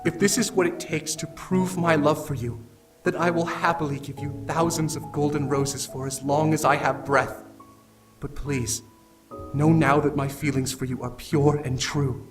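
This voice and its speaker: Earnest and tender, this devoted game lover pours out vows of love in a slightly raised voice, as a male voice actor plays him. The sound comes from some distance off, with game music swelling loudly behind him. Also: fairly high pitch, steady tone, moderate pace, close to an everyday voice. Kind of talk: game voice acting. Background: game background music.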